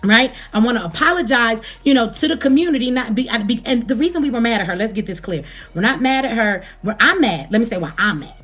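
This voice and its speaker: A commentary vlogger with an African American English accent gives a profane, heated rant directly to her viewers. Her voice is on the high side and fairly bright, with lively intonation and a quick pace, over faint music.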